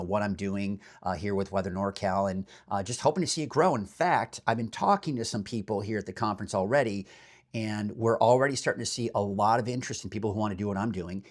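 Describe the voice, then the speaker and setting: A man working as a meteorologist, giving a casual morning weather chat from a hotel room, rambling and chatty with fillers. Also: fairly low pitch.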